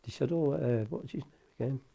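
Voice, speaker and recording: A man's voice: mid-range voice, fairly quick, vocal fry, mellow, slightly rough. An older man, a war veteran, telling long stories in an interview with a rambling, salty way of talking. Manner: rambling anecdotal, salty, mild swearing. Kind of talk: casual storytelling interview.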